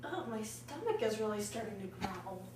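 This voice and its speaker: A woman from Arizona, playing a choir director, gives loud scolding commands and then analyses her own teaching. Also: medium pitch, animated, normal speed. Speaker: music education student playing a choir director. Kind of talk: role-played choir rehearsal with analysis. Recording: echoey room, voice from far off, faint hum.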